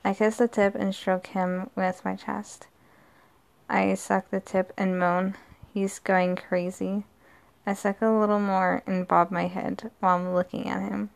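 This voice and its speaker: A woman's voice: mid-range voice, little pitch movement, unhurried, gravelly. A woman narrating a first-person story in a plain reading voice, stumbling and correcting herself often. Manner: plain reading with frequent slips and restarts. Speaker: story reader.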